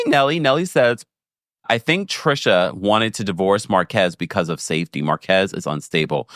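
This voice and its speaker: Lowish-voiced guy chatting on a livestream, swoops up and down a lot, dry sound. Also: no room sound. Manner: animated, laughing, talks straight to viewers. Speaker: livestream recap host reading chat. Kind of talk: casual livestream chat.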